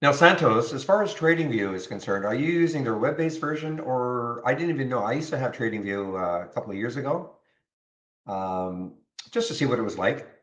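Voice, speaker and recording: Brisk and lively in intonation, a mid-range male voice with a fairly bright tone runs a live trading-room stream. He chats casually over charts, responds to viewers, and frequently repeats words.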